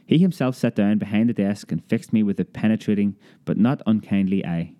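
A man reading a childhood memoir aloud as an audiobook, lively storytelling that raises his pitch for a child's cries. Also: brisk. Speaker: narrator.

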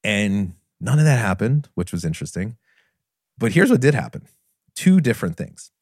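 A middle-aged man hosting a podcast, candidly retelling a personal story in an earnest, animated way. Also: medium pitch, a little fast, husky, dry recording, clean studio sound. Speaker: podcast host and business trainer.

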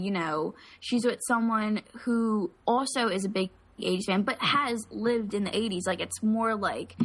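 A young woman co-hosting a podcast in casual chat, telling stories and laughing along. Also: mid-range voice. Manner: chatty, laughs along, tells stories about her parents. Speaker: podcast co-host.

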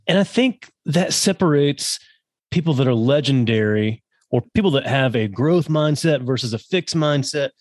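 A man's voice: mid-range voice, dry recording, clean studio sound. A man hosting a podcast interview, agreeable and reflective, summing up points before asking questions. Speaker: podcast host.

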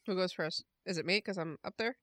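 A woman's voice: lowish voice, fairly quick, fairly bright tone, dry recording. A woman playing a tabletop game, chatty and giggly. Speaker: player. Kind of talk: casual tabletop play.

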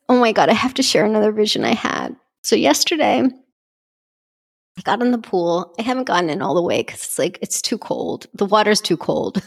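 A woman speaking in a personal vlog, gushing and heartfelt, emotional and close to tears. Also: mid-range voice. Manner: gushing, heartfelt, tearful at times. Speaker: vlogger speaking to her community.

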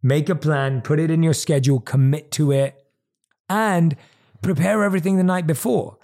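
Male podcast host, warm mellow tone on the higher side, earnest motivational monologue, emphatic repetition, close desk mic. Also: moderate pace. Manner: earnest, emphatic, repeats key phrases. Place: at his desk. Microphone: desk microphone.

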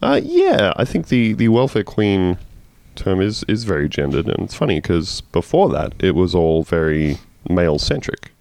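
A man's voice: deep voice, wildly swooping pitch, moderate pace, vocal fry, darkish tone, no echo. A man co-hosting a casual comedy podcast, dropping sarcastic asides while reading out facts. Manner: wry, playful, reads facts with sarcastic asides. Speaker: podcast co-host.

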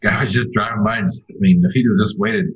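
A man on a podcast panel tells a story in a laid-back, matter-of-fact way. His voice is very low and husky. The remote audio sounds dull and lo-fi. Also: fairly even intonation, quick pace. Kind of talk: casual podcast chat.

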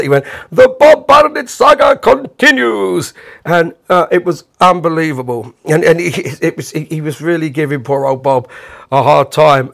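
A man, a bandleader, casually telling a rambling, animated anecdote with the odd chuckle. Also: a little high.

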